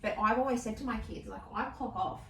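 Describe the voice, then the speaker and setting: A woman's voice: fairly high pitch, fast, vocal fry. A middle-aged woman co-hosting a casual podcast, talking in an easygoing, affectionate way with her friend. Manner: warm, affectionate, calls her friend babe. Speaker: podcast co-host. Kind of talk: casual chat. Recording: roomy, distant mic with faint background hiss.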